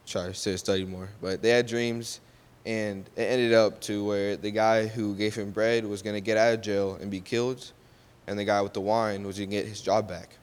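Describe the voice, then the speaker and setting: The voice is fairly low, clear and resonant, with a flat delivery at a moderate pace. The man tells a Bible story casually and conversationally, often checking in with "right?" and correcting his slips, all under a long hall reverb.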